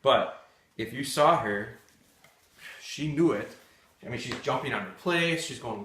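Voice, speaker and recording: A man's voice: mid-range voice, lively intonation, measured pace, long pauses, a bit bright, slight background noise. A man hosting a live dog-training session, answering viewer questions in a candid, blunt, storytelling way. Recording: echoey room.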